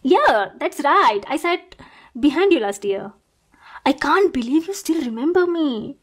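A young woman voicing an obsessive, sweetly possessive stalker girl in a whispered role-play, coaxing and softly menacing. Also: high-pitched, animated, a little slow. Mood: tender. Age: young adult. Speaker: roleplay performer.

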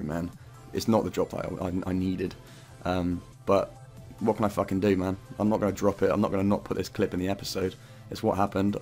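This gaming YouTuber's voice is low and a little mellow. Commenting casually on his own gameplay, he rambles, swears frequently and scatters fillers throughout.

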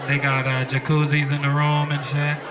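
A comedian playing a male soldier who makes a smooth, suggestive come-on in a slow drawl at a live show. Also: on the high side, completely flat delivery, pitched below the performer's own voice, natural voice. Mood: flirty. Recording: live crowd laughter and hall noise.

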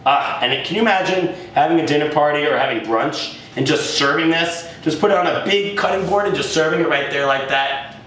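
A man from New Jersey hosts a cooking demonstration with a playful, theatrical, joking delivery. His voice sits high for a man. It comes from a distance in a very echoey kitchen with a faint hiss. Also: a little fast, fairly bright tone. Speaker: cooking show host. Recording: very echoey room, distant mic.

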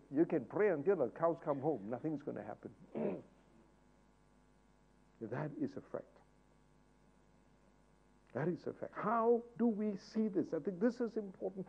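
A man preaches at a Bible study, asking rhetorical questions. His voice sits high and moves a lot, from quiet asides up to fervent calls. The recording is muffled and lo-fi. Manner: swings from hushed asides to loud, fervent exhortation. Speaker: pastor leading Bible study. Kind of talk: sermon-style Bible teaching.

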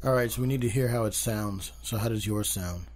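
A man's voice: on the low side, a little fast, over music. A man co-hosting a casual podcast, rambling with many ums and teasing his partner. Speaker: podcast co-host.

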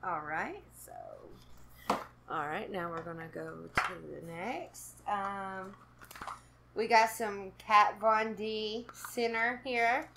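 A woman's voice: mid-range voice, takes it slowly, noisy background. A woman from Kentucky, chatting to camera in a casual unboxing vlog, nervous and giggly. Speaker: vlogger doing an unboxing.

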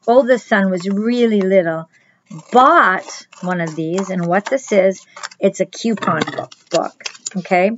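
A middle-aged woman, a children's pastor, giving a chatty crafts lesson and speaking straight to the children in a gentle way. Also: mid-range voice, lo-fi sound, slight background noise.

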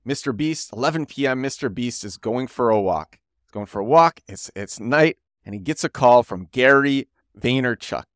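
A man hosting a solo podcast, telling stories with energy and quickly voicing the friends he quotes. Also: mid-range voice, lively intonation, a bit bright, no echo, studio quality. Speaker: podcast host.

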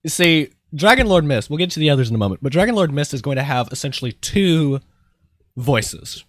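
A man's voice: fairly high pitch, lively intonation, brisk, dry recording. A young man hosting a casual podcast, rambling and self-deprecating as he trails off and restarts mid-thought. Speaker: podcast host and voice actor.

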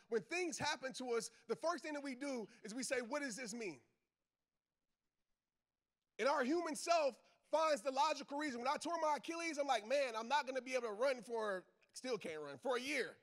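A man speaks briskly in a very high, fairly bright voice during a motivational speech to a live audience. He's a football coach and father, emphatic and preachy, using casual Southern slang straight at the crowd and reiterating his key lines.

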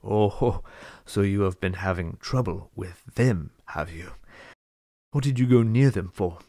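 A man voicing a huge, gruff, bearded man of the wild who growls his words in a storybook reading. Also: lowish voice, measured pace, warm tone, no room sound, studio quality.

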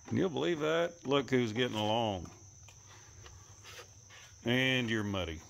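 Gravelly man teasing his animals. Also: animated, a little slow, long pauses, fairly bright tone, slight background noise. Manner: teasing, coaxing, cussing, swings to high calls. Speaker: animal keeper filming his pets. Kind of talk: casual running commentary to animals. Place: outdoors, rural.

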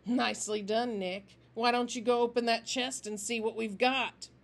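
A woman's voice: steady tone, normal speed, close to an everyday voice. Woman doing Finch, a cold, menacing gang leader. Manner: low, menacing, icily composed. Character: volatile, cold-blooded male gang leader.

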